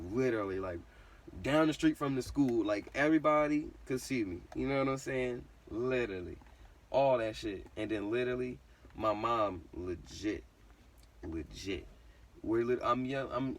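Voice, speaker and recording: A man's voice: mid-range voice, recorded from a distance, a little hiss or hum. A young man casually telling a personal story, full of slang and swearing, who says literally constantly. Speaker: vlogger.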